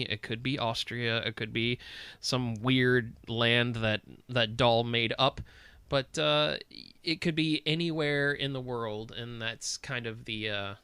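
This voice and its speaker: A man's voice: mid-range voice, bright, forceful tone, smooth, no room sound. A man co-hosting a film podcast, giving firm opinions in casual chat with frequent restarts. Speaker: podcast co-host.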